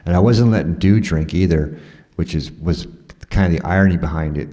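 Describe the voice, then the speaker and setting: A man with a very low, deep voice recounting a personal story. He rambles in a profane, conversational way, full of fillers and restarts. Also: brisk, dark tone.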